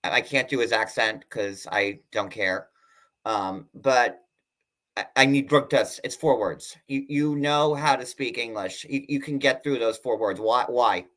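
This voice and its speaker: A man's voice: medium pitch, a little slow, a bit bright. Chatty, sarcastic male host. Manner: chatty, sarcastic, full of "like" fillers. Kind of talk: casual livestream commentary.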